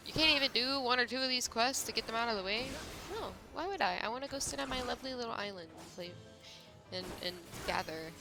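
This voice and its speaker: A woman's voice: on the high side, expressive, fast, gravelly, music in the background. A young woman streaming a game, chatting casually in a rambling way full of fillers. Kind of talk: casual gameplay chat.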